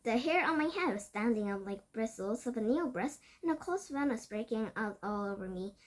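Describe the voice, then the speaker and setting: A woman reading a children's novel aloud in a fairly high voice. She narrates at a steady pace and now and then stumbles over a word and corrects herself. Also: a little fast. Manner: steady read-aloud narration with occasional slips. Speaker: storybook reader.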